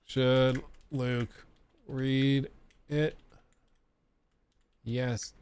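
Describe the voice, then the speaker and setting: A man's voice: mid-range voice, level tone, very slow, a little mellow, smooth. A young man streaming live, chatting casually and laughing as he reacts to a game trailer and explains technical details.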